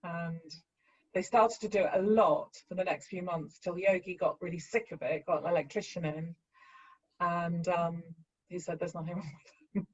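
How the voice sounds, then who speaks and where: A woman earnestly recounting a personal story, halting and acting out the lines of the people she quotes. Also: fairly low pitch, steady tone, breathy edge, muffled recording. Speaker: bereaved mother sharing her story.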